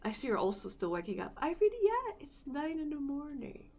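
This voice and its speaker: A woman's voice: high-pitched, sing-song, fairly quick, a little mellow. A sleepy, yawning woman streamer chatting casually with her viewers, rambling and repeating herself as she wakes up. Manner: rambling, repeats phrases, talks to chat. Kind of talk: casual live-stream chat.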